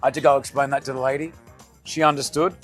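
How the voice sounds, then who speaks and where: An energetic man with an Australian accent, a restaurant owner and radio host chatting casually in an interview and acting out quoted lines as he tells stories. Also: medium pitch, fast, soft background music. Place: restaurant comedy club.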